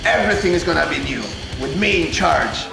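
Gravelly man with a German accent. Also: fairly high pitch, brisk. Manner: boastful, domineering. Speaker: wrestling commissioner. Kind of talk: wrestling promo. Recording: echoey room with music behind. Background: music.

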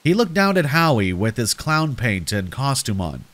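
A man narrating a scripted horror story in a slow, dramatic storytelling manner. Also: mid-range voice, big pitch swings, a bit bright.

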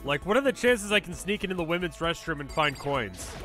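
Animated man streaming a game. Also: fairly high pitch, fairly quick, faint music behind. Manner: animated storytelling, acts out other people. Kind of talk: casual gameplay commentary.

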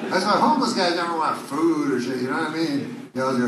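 A man doing stand-up comedy, deadpan and rambling, with hesitant fillers. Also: fairly high pitch, fast talker, noisy background. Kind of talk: stand-up routine. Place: comedy club. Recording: bootleg club recording from far off, echoey with loud crowd. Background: audience laughter.

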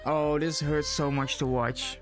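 An excitable young man with a slightly high voice, reacting casually and cursing freely. He grows loud when hyped and drops to a hush when moved. Music plays faintly under his talk. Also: unhurried. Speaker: anime reaction youtuber. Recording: faint music playing behind. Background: anime music playing.

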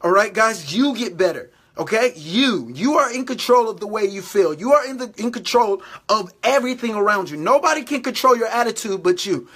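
A man's voice: high-pitched, lively intonation, fairly quick, few pauses, fairly bright tone, slightly rough. A man giving motivational faith talk to his camera, exhorting and repeating himself, often checking in with "all right?". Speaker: faith vlogger.

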